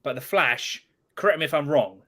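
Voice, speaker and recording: A man hosting a live stream, chatting loudly with friends and swearing often. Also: a little high, animated, moderate pace. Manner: loud, swearing, laughing banter. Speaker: host. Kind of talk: casual live-stream chat.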